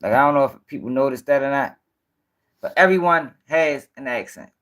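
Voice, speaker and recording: A man's voice: mid-range voice, lively intonation, normal speed, a bit bright. A man hosting a livestream commentary show, talking bluntly and profanely and firing back directly at viewers in the chat.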